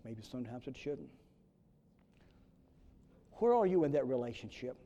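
A man preaching a sermon as pastor, swinging between loud emphasis and hushed whispers. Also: medium pitch, big pitch swings, normal speed, muffled recording, slight background noise. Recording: long reverb of a large hall.

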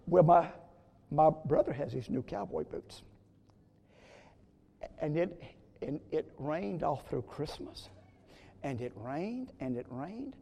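A man preaching a sermon, telling a story in an earnest way with sudden loud rises. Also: on the high side, expressive, takes it slowly, gravelly, pauses often, slightly rough. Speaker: pastor. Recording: long reverb of a church hall.

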